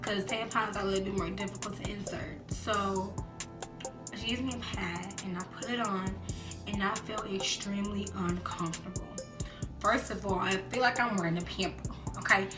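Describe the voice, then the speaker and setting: A young woman chatting casually in a storytime vlog, acting out quotes in lively voices. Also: mid-range voice, moderate pace. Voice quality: animated, acts out quotes in voices. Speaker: vlogger. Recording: roomy echo with background music.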